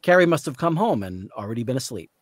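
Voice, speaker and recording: A man reading the narration of a novel aloud in a measured storytelling way. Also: mid-range voice, big pitch swings, no echo. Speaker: author reading.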